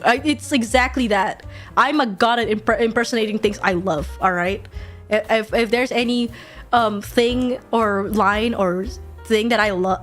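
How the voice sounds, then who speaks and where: A young woman streaming, chatting casually and excitedly, laughing often and swearing freely. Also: medium pitch. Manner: giggly, excitable, swears casually, repeats quotes.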